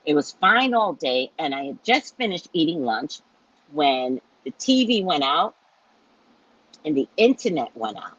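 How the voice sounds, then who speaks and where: A middle-aged woman hosting her own show, telling a story to viewers in a chatty, animated way with asides and the odd swear word. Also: deep voice, measured pace, husky, dry recording, lo-fi sound. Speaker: psychic reader and show host.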